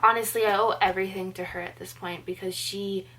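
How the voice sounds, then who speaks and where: A woman's voice: medium pitch, fairly even intonation, brisk, pushed and bright. A young woman from Canada telling a personal story to camera, in an earnest, chatty way full of "like" fillers. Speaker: vlogger.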